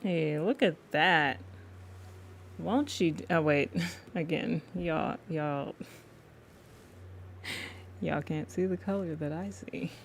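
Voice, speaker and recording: A woman's voice: low-pitched, slow pace, long pauses, a little hiss or hum. A young woman chatting casually with her viewers while she draws live, laughing often and calling them y'all. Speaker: livestreaming artist.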